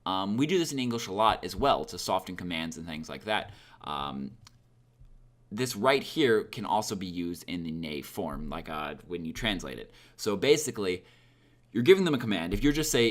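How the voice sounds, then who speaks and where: Low-voiced man teaching casually. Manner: conversational, many fillers, acts out example lines. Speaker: language teacher. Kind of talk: casual explanatory lesson.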